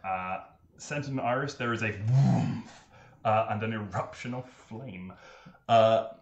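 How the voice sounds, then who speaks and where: Male game master, mid pitch, lively delivery; roomy recording, faint background noise. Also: highs cut off. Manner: lively, laughing narration with filler pauses. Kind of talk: narrating a tabletop game.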